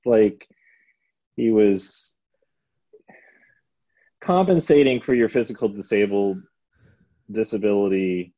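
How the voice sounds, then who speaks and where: A man hosting a casual chat from home, relaxed and chiming in with short agreements. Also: on the low side. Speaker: podcast host. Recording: dull lo-fi audio.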